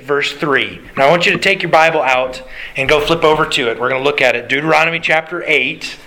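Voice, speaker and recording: A man's voice: a little high, bright, forceful tone, slight background noise, poor audio. A man preaching a sermon. He asks his listeners questions, answers them himself, and guides them through the Bible passage.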